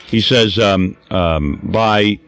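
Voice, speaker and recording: A man's voice: on the low side, extremely slow, fairly bright tone, clear, resonant tone. A man hosting a radio talk show, brash and wisecracking, interrupting with jokes. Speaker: radio host.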